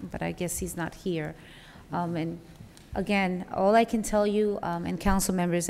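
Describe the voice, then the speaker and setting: Flat-voiced woman chairing a council meeting. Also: lowish voice. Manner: measured, formal, halting. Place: large council chamber. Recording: hall with long reverb, faint noise.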